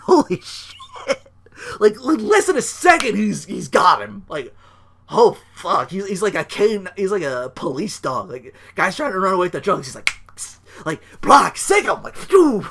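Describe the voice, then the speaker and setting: A man hosting a casual solo podcast, recapping wrestling with excitement, laughter and quick put-on voices. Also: high-pitched, creaky, breathy edge. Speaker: podcast host.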